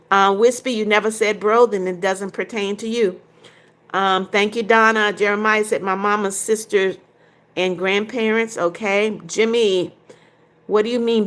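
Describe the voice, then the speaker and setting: An older woman hosts a casual livestream, reading viewers' comments aloud one after another. She answers each one briefly in her own everyday voice, at a middling pitch. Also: fairly bright tone. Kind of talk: casual live chat.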